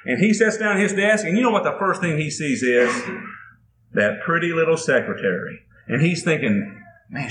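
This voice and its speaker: Folksy preacher, high voice. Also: male voice, roomy sound, slight background noise, poor audio. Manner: homespun, drawling storyteller acting out both spouses. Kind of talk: folksy sermon storytelling. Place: church building.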